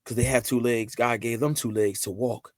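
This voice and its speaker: Speaking at normal speed, a man guesting on a podcast tells animated stories in an easygoing conversation. Quoting friends and family, he lifts his pitch to play their parts. There's no room echo, just a close, dry sound.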